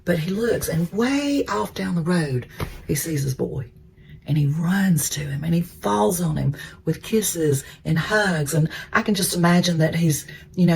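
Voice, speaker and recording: Brief: mellow, gravelly male storyteller, chatty devotional retelling. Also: fairly high pitch, animated, moderate pace, a little hiss or hum. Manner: conversational, repeats words, drops into hushed whispers. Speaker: Christian storyteller.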